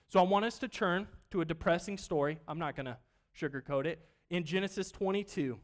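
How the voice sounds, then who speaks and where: A man preaching a sermon in a church, talking casually, asking the congregation questions and swinging between loud bursts and quiet asides. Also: sits high, brisk. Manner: conversational, asks the congregation questions. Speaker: pastor.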